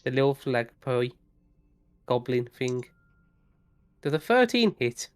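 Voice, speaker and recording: A man's voice: mid-range voice, very animated, slow pace, smooth. A man playing a tabletop game, cheerful and playful. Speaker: player. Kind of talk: casual tabletop play.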